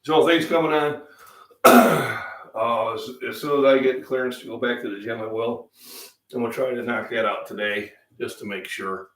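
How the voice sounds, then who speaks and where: A middle-aged Midwestern man hosting a casual fitness chat, rambling with many fillers, feeling under the weather with coughs and throat-clearing. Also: mid-range voice, normal speed, fairly bright tone. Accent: Midwestern American. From Illinois, US Midwest. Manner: rambling, chatty, frequent fillers. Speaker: fitness channel host. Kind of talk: casual live-stream breakfast chat. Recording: echoey room, distant mic.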